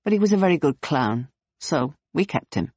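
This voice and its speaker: A narrator voicing a calm circus woman who explains things in a measured way, on a dull, dry recording. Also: sits low, breathy edge, no echo, heavily acted. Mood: matter-of-fact.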